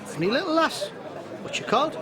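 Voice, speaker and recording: Brash Geordie stand-up, lively high voice, club crowd behind. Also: male voice. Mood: chatty. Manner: quick patter with rising punchlines, laughs at his own jokes. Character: cheeky male club comic, brash and joking. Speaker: club comedian.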